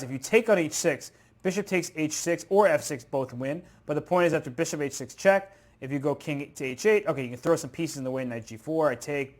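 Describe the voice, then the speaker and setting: A man commentating live chess, excitable and thinking aloud through move sequences. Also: on the high side.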